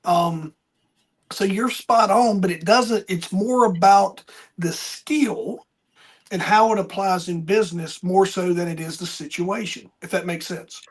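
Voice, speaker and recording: Male podcast host, high husky voice, animated storyteller. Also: a little slow. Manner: animated storyteller, acts out quoted people. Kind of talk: casual conversation.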